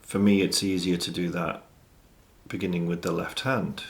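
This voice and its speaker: A man teaching drum exercises in a measured, methodical way, counting out stickings. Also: low voice, level tone, gravelly. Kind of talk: instructional explanation. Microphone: studio mic with monitor system.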